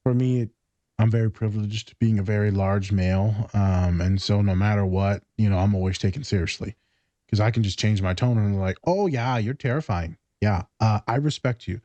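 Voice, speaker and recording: Blunt, profane man, mellow voice. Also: lowish voice, fairly even intonation, brisk, dry recording. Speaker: podcast host. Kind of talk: casual podcast chat. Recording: slightly dull lo-fi recording.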